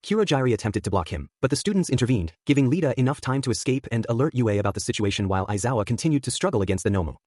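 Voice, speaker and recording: A man reading a fan story aloud at a quick clip, with his voice rising and falling. The sound is dry and close, and his pitch sits in an ordinary male middle. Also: expressive, darkish tone, no room sound. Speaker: fan fiction reader. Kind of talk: storybook narration.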